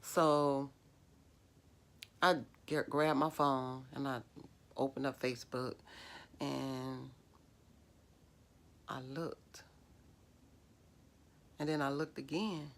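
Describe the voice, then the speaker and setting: A woman's voice: rumbling low, steady tone, drawn-out words, long pauses. A middle-aged woman, telling a personal story in a vlog, emotional and rambling with many fillers. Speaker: vlogger.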